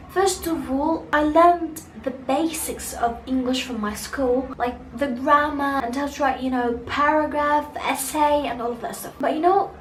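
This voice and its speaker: High-voiced young woman vlogging in an echoey room. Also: slight background noise. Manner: chatty, many fillers and restarts. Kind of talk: casual storytelling vlog. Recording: echoey room with faint ambience.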